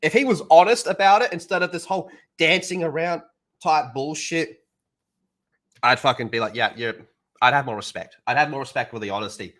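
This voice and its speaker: A man's voice: on the high side, a little fast, fairly bright tone. A man streaming alone, ranting heatedly with lots of swearing. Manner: heated, profane, sarcastic ranting. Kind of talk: livestream rant.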